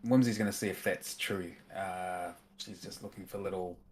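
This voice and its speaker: A player in a tabletop game, thinking aloud hesitantly with pauses and restarts. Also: deep voice, fairly even intonation, a little mellow, a little hiss or hum. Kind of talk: casual tabletop game chat.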